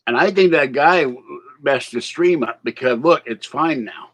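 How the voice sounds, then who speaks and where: This man's voice is fairly high and a bit bright, captured on a low-quality recording. He hosts a laid-back livestream, rambling with chuckled asides to chat, and missing teeth leave a slight slur.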